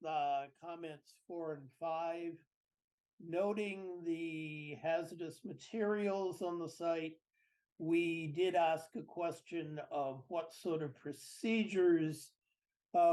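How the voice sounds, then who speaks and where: A man giving a peer review summary at a public board meeting over a video call, formal and measured. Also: a little high, a little mellow.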